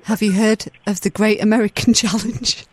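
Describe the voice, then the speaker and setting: British woman, teasing deadpan delivery. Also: medium pitch, moderate pace, slightly rough, no room sound. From Britain. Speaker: podcast co-host. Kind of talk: prank call and casual chat.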